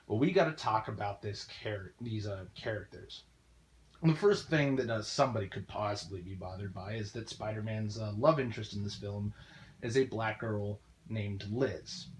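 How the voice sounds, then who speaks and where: A man giving a casual, profane film review, ranting bluntly with lots of ums and uhs. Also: lowish voice.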